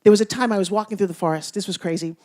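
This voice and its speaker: A woman giving a motivational speech to a live audience, telling stories with playful teasing and swinging between loud bursts and hushed asides. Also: medium pitch, rapid-fire. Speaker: motivational speaker.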